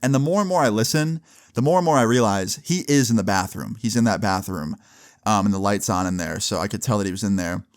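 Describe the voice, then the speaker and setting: A young man casually telling a funny party story to his camera, slangy and animated, full of "like" and "dude". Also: lowish voice. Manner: animated, slangy, fast retelling with lots of "like" and "dude". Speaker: vlogger.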